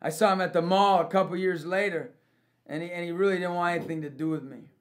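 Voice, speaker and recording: A man giving a personal testimony about forgiveness as a youth leader, telling it with lively storytelling that swings from loud to hushed and breaks into laughs. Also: sits high, quick pace.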